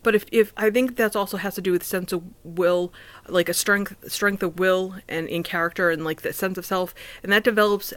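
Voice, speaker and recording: A woman talks to her camera from her own apartment in a loose, personal way. She stumbles and restarts often and leans on "like" and "um". Her voice comes through smooth and resonant, recorded close and dry. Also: mid-range voice, steady tone, no room sound. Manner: halting, with many restarts and fillers, stumbles over words. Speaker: vlogger. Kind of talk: casual personal talk to camera.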